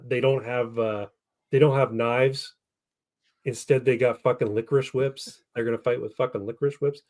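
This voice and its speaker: A man's voice: medium pitch, a little mellow. A man co-hosting a casual podcast, swearing freely and spinning long rambling stories. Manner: profane, rambling storyteller. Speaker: podcast co-host. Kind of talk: casual chat.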